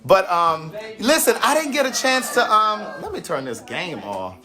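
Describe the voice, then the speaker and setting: Animated chatty man in his forties. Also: high voice, normal speed. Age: 40s. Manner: animated and chatty, often laughing. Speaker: live-stream host. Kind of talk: casual live-stream chat. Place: at home with family around.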